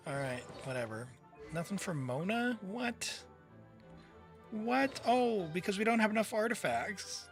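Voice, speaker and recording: High, lively male streamer. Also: unhurried, soft background music. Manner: mock-stern, exasperated, laughing often. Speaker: streamer reviewing viewer game accounts. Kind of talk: live-stream commentary.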